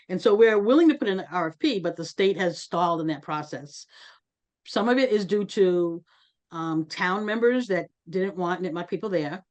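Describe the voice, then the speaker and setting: A woman with a slightly low voice leads an online community meeting in an earnest, conversational way. She speaks over a video call and turns to participants by name. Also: moderate pace. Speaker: host.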